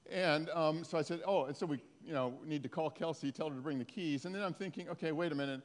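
A man telling a lively testimony story to a congregation, laughing often. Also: a little high, quick pace, big-room sound.

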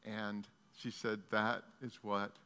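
A male pastor preaching a sermon, telling a story in an earnest, halting way. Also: lowish voice, flat delivery, sharp tone, clear, resonant tone. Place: church sanctuary. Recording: long hall reverb.

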